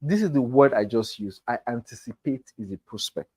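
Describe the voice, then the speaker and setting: A man's voice: mid-range voice, animated, fairly quick, darkish tone, slightly rough. A man teaching a sales class, emphatic and talking straight to his students. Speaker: real estate sales trainer. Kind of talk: motivational class lecture.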